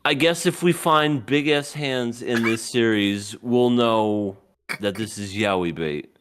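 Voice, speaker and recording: A man co-hosting a casual podcast chat, animated, often jumping into high mock voices for laughs. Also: slow pace, slight background noise. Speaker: podcast co-host.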